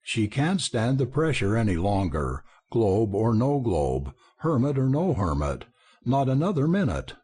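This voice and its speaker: A man's voice: medium pitch, big pitch swings, measured pace, dark tone. A man voicing a frantic young frontier wife who talks in folksy slang with a drawl.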